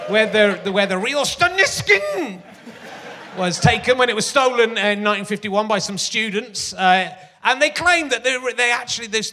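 A man with a high, bright voice hosts a live comedy talk show, rambling and poking fun at himself with frequent fillers and restarts. His voice rings out with a long reverb from a large theatre. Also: a little hiss or hum. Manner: rambling, self-mocking, lots of fillers and restarts. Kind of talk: stand-up style chat on stage. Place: large theatre stage before a live audience.

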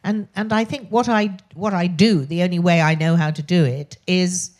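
A woman's voice: on the low side, fairly even intonation, moderate pace, darkish tone. An older Englishwoman with a posh English accent, a talk show guest speaking frankly and bluntly, swearing freely and laughing between phrases. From England. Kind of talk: candid talk show chat.

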